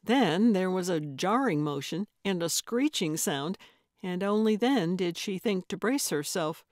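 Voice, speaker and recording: A woman narrating a cozy mystery audiobook, her voice low-set and unhurried. She reads in a slow, measured way, close and dry with no room sound. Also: animated, a little mellow, dry recording. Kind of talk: scripted narration.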